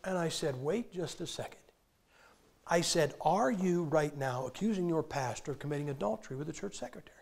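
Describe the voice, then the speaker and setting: A man preaching with a fairly high voice. He tells stories animatedly, acting out other people's lines and bursting into sudden shouts. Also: fairly quick, gravelly. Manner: animated storytelling, acting out quotes with sudden loud outbursts. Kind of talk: sermon.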